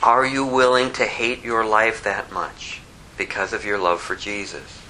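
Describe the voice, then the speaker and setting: Preacher from the US, sermon, forceful bright tone, drives points home with rhetorical questions. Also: medium pitch, steady tone, measured pace, slight background noise, rough recording. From United States. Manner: emphatic, full of rhetorical questions.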